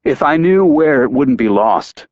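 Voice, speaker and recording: A man's voice: medium pitch, expressive, measured pace, no echo, narrow, tinny audio, pitched above the performer's own voice, natural voice. A man reading an audiobook, voicing a smug, callous man who talks in a dismissive, sardonic way.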